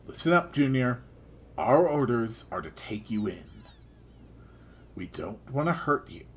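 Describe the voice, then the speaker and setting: A man voicing a stern male knight commander who speaks low and threatening. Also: big pitch swings, a little slow, slightly rough.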